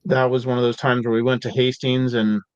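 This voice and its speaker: A laid-back man from Seattle tells stories as a podcast guest, his speech loose and slangy and full of "like" and "dude". His voice sits at an ordinary pitch. The audio is dry and a little dull. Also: level tone, a little fast, smooth, no echo. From Seattle, USA. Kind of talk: casual storytelling.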